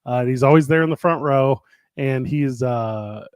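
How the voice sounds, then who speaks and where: A man's voice: mid-range voice, normal speed, a little mellow, smooth, no echo. A man hosting a casual chat about a wrestling promotion's year, talking in a rambling way with many fillers and restarts.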